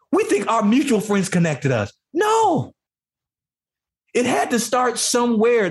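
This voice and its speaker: Husky, fervent man giving testimony. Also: very high voice. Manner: fervent, preacher-like delivery. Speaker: podcast guest. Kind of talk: emotional personal testimony.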